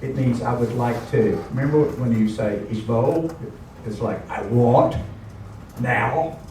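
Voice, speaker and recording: This man's mid-range voice has a dark tone and a moderate pace, with a little hiss or hum on the recording. He's teaching a language class chattily, going over words again and explaining them through asides, recorded from afar on a camera mic in a very echoey room.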